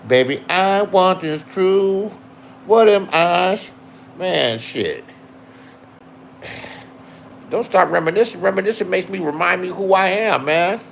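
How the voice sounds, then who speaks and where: A man's voice: high-pitched, expressive, slow, vocal fry, pauses often, a little hiss or hum. A man in his sixties talking casually to camera, rambling and swearing as he reminisces. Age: 60s. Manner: profane, reminiscing, loose and chatty. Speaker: vlogger. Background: music playing.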